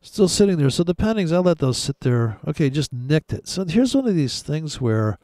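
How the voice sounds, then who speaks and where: A man's voice: fairly high pitch, sing-song, moderate pace, warm tone, no echo, clean studio sound. A man giving crude, sarcastic commentary while trading live charts. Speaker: forex trader.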